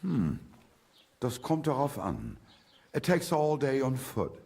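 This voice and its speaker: An actor playing a grumbling middle-aged village trader in a video game, with a German accent, wary of outsiders. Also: male voice, medium pitch, huge pitch swings, slow, gravelly, dark tone, husky, full character voice. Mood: gruff.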